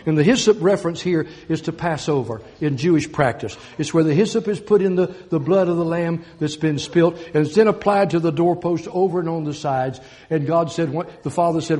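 A man preaching a sermon, declaiming scripture slowly and swinging from loud emphasis to quiet intensity. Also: fairly high pitch.

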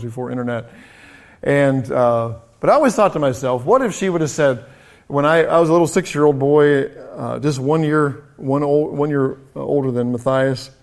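A middle-aged man who runs a coaching business, sharing personal stories in a conversational, lively way with frequent restarts. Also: on the high side. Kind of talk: personal storytelling talk.

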